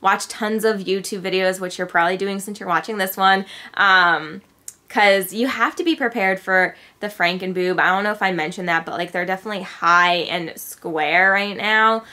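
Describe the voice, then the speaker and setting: A woman's voice: mid-range voice, moderate pace, bright, forceful tone. A young adult woman chatting casually to camera in a vlog, talking freely and filling her sentences with little filler words. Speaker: vlogger.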